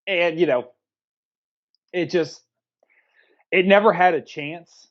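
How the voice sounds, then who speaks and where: A man's voice: sits high, takes it slowly, muffled recording. A man co-hosting a film review podcast, blunt and profane, chatting casually. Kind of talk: casual chat.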